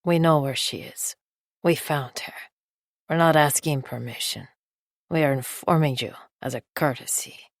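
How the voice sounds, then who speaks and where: A woman's voice: low-pitched, unhurried, no echo, studio quality. A woman narrator voicing a cold male hitman who speaks with careful, precise enunciation in an audiobook.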